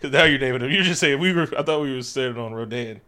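A man co-hosting a podcast, recapping a movie in loud, profane, joking chat. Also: mid-range voice, quick pace, smooth. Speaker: podcast co-host.

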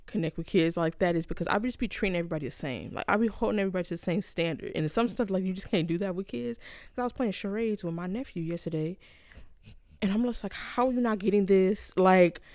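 A woman co-hosting a podcast in relaxed casual chat, with laughing asides. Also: fairly low pitch, fast talker, no room sound. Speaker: podcast co-host.

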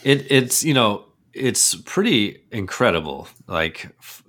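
Low-voiced man describing film scenes. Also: big pitch swings, slow, fairly bright tone. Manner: chatty, describes scenes step by step, laughs often. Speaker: podcast co-host. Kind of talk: casual movie discussion.

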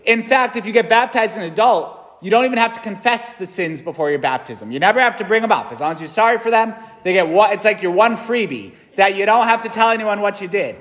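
A man's voice: high voice, lively intonation, fast talker, few pauses, fairly bright tone. A man in his thirties, a priest giving a conversational, earnest sermon in a large church, often checking in with "right?". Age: 30s. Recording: long church reverb.

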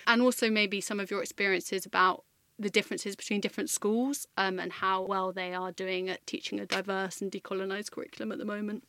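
A woman, a teacher hosting a discussion, asking measured, thoughtful questions. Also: medium pitch, flat delivery, a bit bright, no echo. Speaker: podcast host and teacher. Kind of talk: casual discussion.

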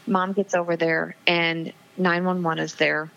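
Interview guest, woman, 40s, earnest and emotional, lots of ums, slightly low voice, muffled phone audio. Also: flat delivery, measured pace, creaky, a bit bright. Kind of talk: personal testimony in interview.

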